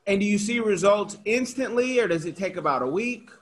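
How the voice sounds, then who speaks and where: A man with a notably high speaking voice hosts a podcast interview. He talks in an animated, chatty way, full of asides and quick restarts. He is from Oakland, California. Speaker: podcast host. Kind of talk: casual interview chat.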